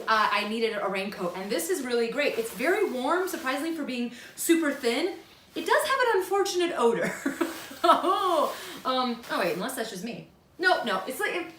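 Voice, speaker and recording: Midwestern woman in her thirties, chatty home vlogger, a bit high, roomy sound. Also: fairly bright tone, a little hiss or hum. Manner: chatty, self-deprecating, bursts into silly high voices. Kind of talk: casual monthly favorites vlog. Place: home room. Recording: echoey room.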